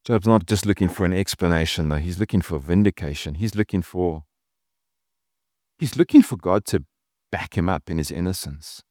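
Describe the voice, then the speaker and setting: A pastor speaks to his congregation in an earnest, conversational way, slipping in casual asides. His voice sits somewhat low. The recording is dry, with no room echo. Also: moderate pace, darkish tone. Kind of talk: sermon.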